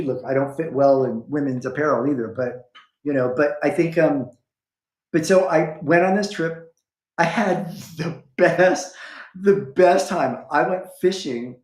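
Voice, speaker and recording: A man telling a long story in a casual chat, rambling with restarts and acting out quoted lines with big jumps in pitch. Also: echoey room, low-quality recording. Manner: animated, acts out quoted lines with a jumping pitch.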